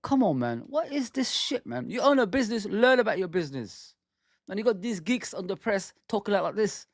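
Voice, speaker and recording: A man's voice: high-pitched, big pitch swings, fairly quick, dry recording, clean studio sound. Fired-up man ranting about his club. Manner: heated, exasperated, swearing. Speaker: fan channel host. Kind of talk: ranting fan commentary.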